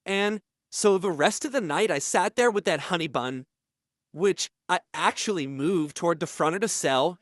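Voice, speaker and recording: A man telling a deadpan comic prison story in a halting, stammering, self-pitying way. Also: high-pitched, dry recording, clean studio sound. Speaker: parody interviewee.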